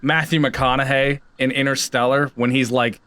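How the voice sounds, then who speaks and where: A young man chatting casually as a podcast co-host, acting out his own reactions in a squeaky voice. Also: normal speed, no echo. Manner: animated, acts out quotes with squeaky high voice.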